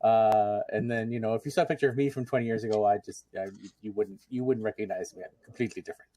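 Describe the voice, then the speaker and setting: Casting: mid-pitched man, rambling panel host, dry close mic. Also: steady tone, quick pace, dark tone, dry recording. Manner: rambling, full of ums and restarts. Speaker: convention chair, panel host. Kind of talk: casual panel hosting.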